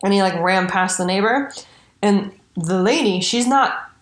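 A woman, mid-pitched, telling a grisly story on a casual podcast with animated, swearing delivery. Her voice sounds roomy and echoey, as if recorded in an untreated room. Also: unhurried. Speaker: podcast co-host. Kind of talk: casual true-crime podcast chat. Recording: roomy echo.

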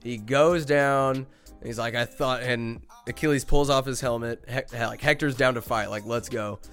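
A young man hosting a podcast, giving a casual, animated movie recap full of slang and acted-out quotes. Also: medium pitch, normal speed, smooth, soft background music. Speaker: podcast host.

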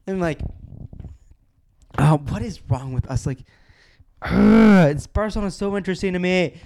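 A man hosting a casual football podcast, ranting excitedly, cursing often and restarting his sentences. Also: high voice, moderate pace, long pauses, a little hiss or hum.

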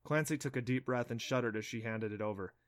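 A man's voice: medium pitch, fast, dry recording. Man narrating a storybook, dry close sound. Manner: steady storytelling. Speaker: audiobook narrator. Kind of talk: scripted narration.

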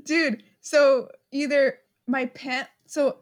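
A woman's voice: sits high, steady tone, slow pace. A young woman chatting casually, rambling and giggling, with lots of fillers. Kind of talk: casual chat.

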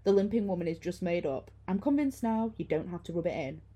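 A woman's voice: on the low side, animated, dark tone, husky. A woman voicing a young woman friend who turns from wry to urgent in a spoken horror story. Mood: sarcastic. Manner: wry then hurried.

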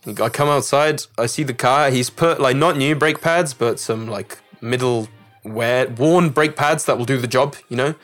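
A young man from the Czech Republic, telling a story in loose, swearing, animated casual chat on a podcast. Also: mid-range voice, normal speed, faint music behind. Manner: swearing, animated storyteller doing character voices.

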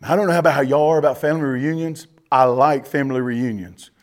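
A man, a pastor, preaching a sermon, often calling out to the congregation and swinging between loud emphatic passages and quiet, low asides. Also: fast talker. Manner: preaching with emphatic rises and drops, addressing the congregation directly.

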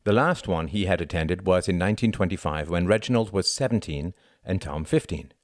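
A man narrates a novel in measured, even storytelling. His voice sits fairly low, and the recording is dry and close with no room sound. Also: dry recording. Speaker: audiobook narrator. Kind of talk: scripted narration.

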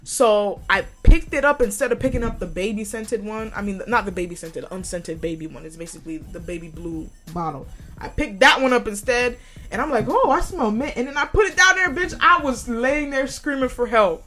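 A woman's voice: a little high, a little fast, soft background music. A woman hosting a podcast, delivering a profane comedic rant and laughing often. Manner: profane, loud, laughs a lot, yells mid-story. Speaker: podcast host. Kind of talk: casual comedic monologue.

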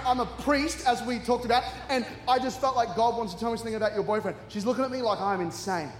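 An Australian man preaches from the stage, his voice sitting high for a man. He tells stories with humour and self-mockery. The sound carries a long reverb from a large hall with faint ambience behind. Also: fast talker, hardly any pauses, noisy background. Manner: humorous, animated, self-mocking storytelling with laughter. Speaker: guest preacher. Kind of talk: storytelling sermon. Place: large church hall with congregation.

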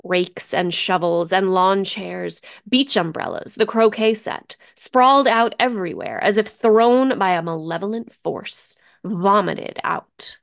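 Female co-host narrator, unhurried, gravelly edge, atmospheric, drops to a hush. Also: medium pitch, no room sound, studio quality. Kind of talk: scripted storytelling narration.

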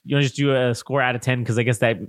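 Man, podcast co-host, mid-pitch, casual profane recap, dry close sound. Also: very fast, dry recording. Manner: profane, animated plot recap acting out lines. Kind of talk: casual film review chat.

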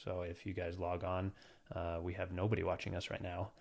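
A man's voice: sits low, completely flat delivery, a little fast, vocal fry, a little mellow. A man in his thirties hosting a casual podcast chat, teasing and joking as he talks. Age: 30s. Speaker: podcast host.

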